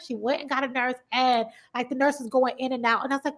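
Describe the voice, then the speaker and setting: With a high voice, she talks fast and barely pauses. A podcast host from Compton, Los Angeles, she chats casually in an interview, telling animated stories and acting out quoted voices.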